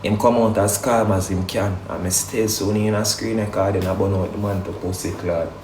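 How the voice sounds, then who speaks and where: A Jamaican man with a very deep voice rants in a heated, defensive way, throwing in rhetorical questions. His voice bounces around an echoey room. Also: fairly even intonation, normal speed, a little mellow, slight background noise. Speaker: livestreamer defending family. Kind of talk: heated casual rant.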